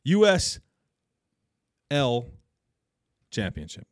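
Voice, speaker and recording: A man's voice: medium pitch, huge pitch swings, drawn-out words, no echo, studio quality. A young man co-hosting a casual sports podcast, blunt and opinionated, trash-talking teams. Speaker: podcast co-host.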